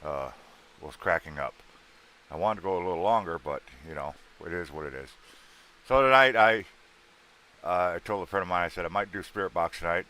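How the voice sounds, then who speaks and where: His voice deep and somewhat tired from an earlier show, the man hosts a casual livestream, saying hi to viewers by name and kidding around. He talks briskly but pauses often, with a bright, forceful tone.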